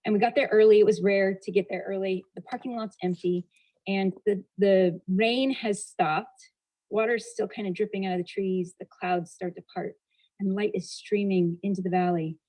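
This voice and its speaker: A woman giving a motivational talk, telling a personal story with a lively, expressive delivery. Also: medium pitch, moderate pace, rough recording. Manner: expressive storyteller, shifting pace and loudness, laughing at herself. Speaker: motivational speaker.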